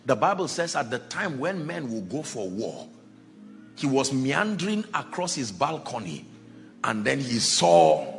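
A man preaching a sermon, telling scripture stories dramatically, swinging between loud exclamations and low, quiet lines. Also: creaky.

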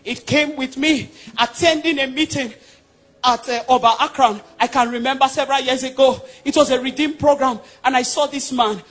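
A man from Nigeria with a Nigerian accent preaching a sermon, emphatic and swinging between loud declarations and hushed passages. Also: very high voice, fairly even intonation, normal speed.

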